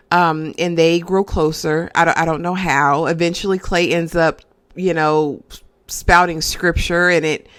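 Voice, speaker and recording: A woman giving a casual, chatty recap of a reality show, animated and often checking in with the viewer. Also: on the low side. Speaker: reality TV reviewer.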